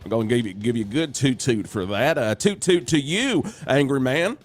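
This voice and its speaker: A man's voice: mid-range voice, lively intonation, moderate pace, no room sound, soft background music, natural voice. A man playing a folksy, rambling trucker who fills in as a radio host in an improvised comedy parody, easily sidetracked.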